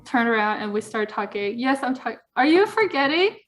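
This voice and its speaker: Earnest, rambling woman, somewhat high voice. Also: very animated, a little fast. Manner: earnest and rambling, many fillers. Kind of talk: casual chat.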